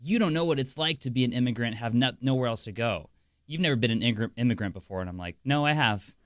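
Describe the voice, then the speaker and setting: A man's voice: mid-range voice, quick pace. A man from America co-hosting a podcast, telling stories in casual chat and laughing often. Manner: animated storytelling, laughs often. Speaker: podcast co-host.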